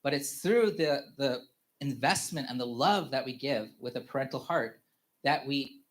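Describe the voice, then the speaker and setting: A man in his thirties giving a personal testimony at a church family service, speaking haltingly with many fillers and restarts and chuckling often. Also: mid-range voice, expressive. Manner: halting, full of "you know" fillers and restarts; chuckles often while telling stories.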